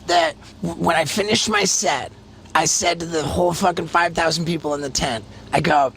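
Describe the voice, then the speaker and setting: Gravelly high-voiced man telling wild stories. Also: normal speed, fairly bright tone, slight background noise. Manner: profane, laughing, rambling. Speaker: podcast host. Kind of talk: casual storytelling.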